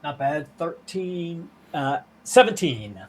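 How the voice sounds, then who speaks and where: A man playing a tabletop horror game, describing his character's actions and pausing to think. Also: on the high side, lively intonation, a little hiss or hum. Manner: hesitant, thinking aloud. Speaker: player. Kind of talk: casual tabletop game play.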